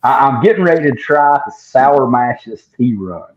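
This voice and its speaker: A man's voice: medium pitch, expressive, moderate pace, crowd noise. A man with a drawl spins a long, rambling story in casual conversation. His voice sits mid-range and comes through a dull, lo-fi recording. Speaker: guest distiller. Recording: dull lo-fi sound.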